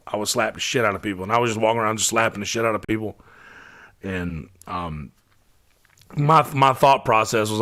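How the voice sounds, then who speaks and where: A man's voice: lowish voice, sharp tone. A man, hosting a podcast and telling a long personal story in a loose, profane, rambling way, full of restarts. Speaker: podcast host. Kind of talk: casual storytelling monologue.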